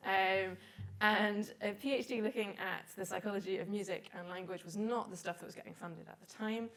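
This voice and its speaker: Woman, 40s, conference speaker; mid-pitched, chatty, self-deprecating, lots of fillers. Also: steady tone, brisk, a bit bright. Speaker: conference speaker, data visualization consultant. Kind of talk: conference talk.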